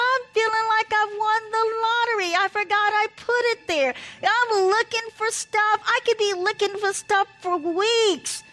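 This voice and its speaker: A woman with a very high-pitched, bright and forceful voice tells stories and offers marriage advice in a chatty, anecdotal way, repeating "blah, blah". The audio quality is poor.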